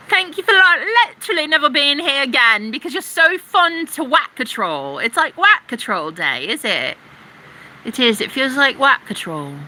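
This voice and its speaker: A woman's voice: high-pitched, pushed and bright, slight background noise, poor audio. Brash, sarcastic woman streamer. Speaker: live streamer. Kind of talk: casual ranting livestream.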